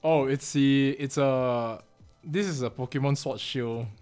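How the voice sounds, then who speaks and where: A man's voice: medium pitch, measured pace, darkish tone, soft background music. Laid-back man making dry asides. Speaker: podcast co-host. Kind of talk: casual chat over a food mukbang.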